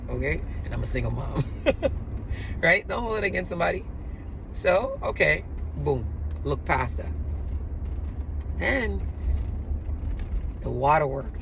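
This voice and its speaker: A middle-aged woman from the Virgin Islands with a Virgin Islands accent, telling her own story in a chatty, animated way and often speaking straight to her listeners. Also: sits low, creaky, background noise. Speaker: storyteller host. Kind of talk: personal storytelling to an audience.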